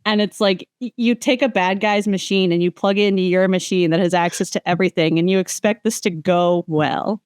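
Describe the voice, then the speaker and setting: A woman chats on a podcast, her smooth, resonant voice recorded dry and close. She wanders through long technical tangents, full of fillers and restarts. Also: on the low side, steady tone, fairly quick, hardly any pauses, dry recording. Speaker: guest. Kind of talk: casual podcast chat.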